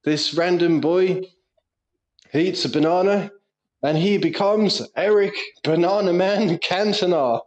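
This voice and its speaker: A man's voice: high-pitched, a little slow, low-quality recording. A man co-hosting a podcast, chatting casually, swearing often and laughing through his stories. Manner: sweary, laughs a lot, storytelling. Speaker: podcast co-host. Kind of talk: casual banter.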